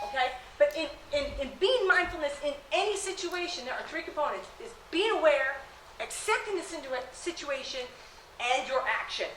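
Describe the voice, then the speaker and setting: A woman working as a high school athletic trainer, talking casually to students, often asking "okay?" and laughing. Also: expressive, normal speed, background noise. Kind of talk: classroom talk to students. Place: school room. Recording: echoey room.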